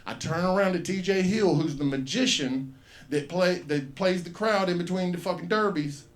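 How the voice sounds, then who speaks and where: A man's voice: high voice, moderate pace. A man hosting an open mic, rambling through a profane story and acting out the voices in it. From US South. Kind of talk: stand-up storytelling. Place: comedy club stage.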